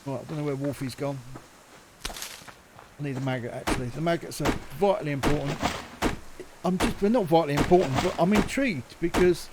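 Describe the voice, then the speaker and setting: A man's voice: on the high side, a little fast, pauses often, background noise. A man chatting and muttering to himself as he plays a survival game, with mild swearing and asides to viewers. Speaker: gaming channel host.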